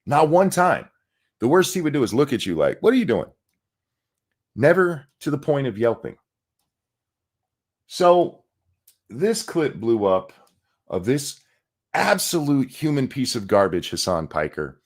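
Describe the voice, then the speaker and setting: A man's voice: medium pitch, big pitch swings, unhurried, pauses often. A man hosting a podcast, ranting and telling stories in a casual, profane, exasperated way. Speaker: podcast host.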